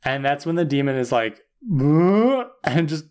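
A man's voice: mid-range voice, fast, clear, resonant tone. A man co-hosting a podcast, retelling episode plot in a wry, casual way. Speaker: podcast co-host. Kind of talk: casual recap chat.

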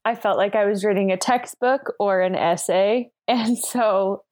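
A woman's voice: medium pitch, a little slow, darkish tone. A woman co-hosting a casual book club podcast, blunt and joking in her complaints. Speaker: podcast co-host.

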